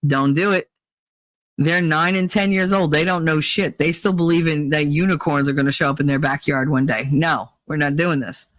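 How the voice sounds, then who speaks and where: A deep-voiced woman hosts a casual talk show podcast, brisk and steady with hardly any pauses, recorded dry. She tells stories and opinions in a blunt, profane, heated way, rambling and restarting often.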